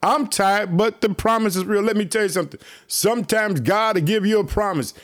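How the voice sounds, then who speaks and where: A man's voice: high-pitched, a little fast. A man preaching a fervent sermon to online listeners, whom he calls family, with lots of repetition. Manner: repetitive, exhorting, keeps saying "let me tell you something"; speaks directly to listeners as family.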